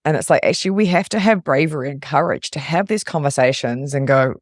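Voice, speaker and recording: A man's voice: on the high side, quick pace, dry recording, clean studio sound. A man hosting a podcast interview, speaking in an affirming, reflective way and often restarting his phrases. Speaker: podcast host.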